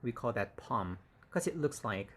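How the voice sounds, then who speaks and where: A man teaching English vocabulary, saying each word slowly and repeating it several times. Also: medium pitch, lively intonation, fairly bright tone, slight background noise. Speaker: English instructor. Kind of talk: vocabulary lesson.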